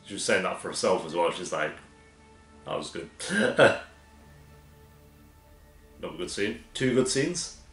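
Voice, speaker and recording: A man's voice: deep voice, big pitch swings, a bit bright, roomy sound, faint music behind. A man hosting a TV reaction, chatting casually and mocking what he watches. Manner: sarcastic, chatty, quick to mock. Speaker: TV reaction host.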